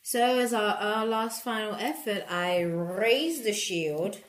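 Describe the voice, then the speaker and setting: A woman's voice: mid-range voice, takes it slowly. A woman playing a tabletop game, hesitant and questioning as she plans her move. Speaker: player. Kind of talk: tabletop role-play. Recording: echoey room, faint noise.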